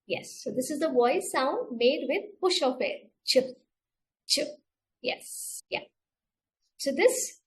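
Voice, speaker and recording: A middle-aged woman with an Indian English accent leading an online teaching webinar, patiently demonstrating sounds and repeating each step. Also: sits high. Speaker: teacher trainer. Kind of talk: webinar instruction.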